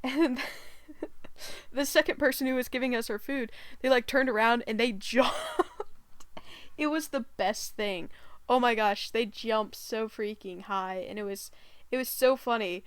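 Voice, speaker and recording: A woman with a fairly high, smooth voice tells a story for her gaming channel. She rambles along with plenty of "like" and "um" and keeps breaking into giggles. The sound is dry and close. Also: moderate pace, no echo. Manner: giggly, rambling, many fillers. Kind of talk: casual storytime vlog.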